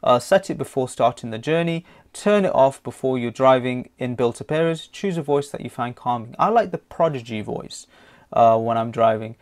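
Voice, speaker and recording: A man's voice: mid-range voice, lively intonation, moderate pace. A man teaching an online driving theory lesson, reading questions aloud in a chatty, jokey way with lots of fillers.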